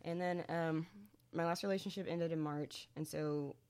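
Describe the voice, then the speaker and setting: A young woman musician from Houston chatting casually in an interview, rambling with lots of fillers and animated, swearing retellings. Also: deep voice, normal speed, clean tone, dry recording.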